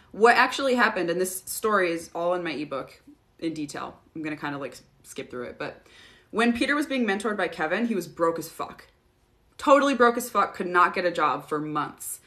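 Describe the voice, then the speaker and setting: A woman's voice: lowish voice, a bit bright. A young woman hosting a casual livestream, telling stories and answering viewer questions, swearing freely and laughing often.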